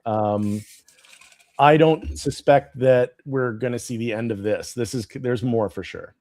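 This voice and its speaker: A man's voice: medium pitch, a little slow, a little mellow, no room sound. A man co-hosting a casual chat, hesitant and rambling, with frequent ums and restarts.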